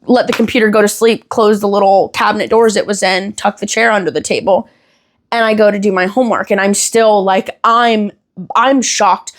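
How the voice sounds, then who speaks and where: A young woman hosting a podcast, telling a story in a casual, animated way, swearing freely and laughing often. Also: medium pitch, moderate pace. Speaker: podcast host.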